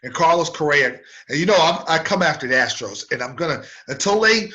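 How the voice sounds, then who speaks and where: A man's voice: on the high side, animated, fairly quick, pushed and bright, lo-fi sound. A man hosting a sports talk show, ranting heatedly with strong opinions and mocking asides. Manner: fired-up, ranting, mocking impressions. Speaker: sports radio host.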